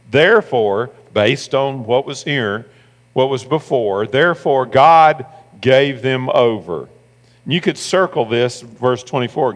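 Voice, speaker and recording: Pastor, male, mid-pitched, emphatic repetitive preaching, long hall echo with hum. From United States. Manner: emphatic preaching, reads scripture aloud, repeats phrases. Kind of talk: sermon.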